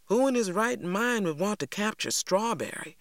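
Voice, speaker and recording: A man reading a first-person story aloud with steady, expressive narration. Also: sits high, normal speed, dry recording, studio quality. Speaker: audiobook narrator.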